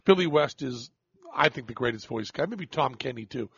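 Brief: male radio host, self-deprecating rambler, gravelly husky voice, lively pitch, dull lo-fi sound. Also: normal speed, no room sound. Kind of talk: casual radio chat.

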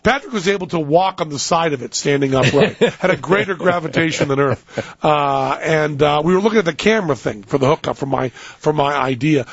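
A man's voice: on the high side, animated, fairly quick, slightly rough, no room sound, highs cut off. A middle-aged American man hosting a radio show, telling a rambling story and interrupting himself. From United States. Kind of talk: casual radio chat with storytelling. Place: radio studio.

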